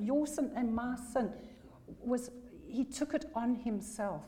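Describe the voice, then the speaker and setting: A woman's voice: on the high side, slow, mellow. A woman preaching a sermon, emphatic, repeating key phrases for weight.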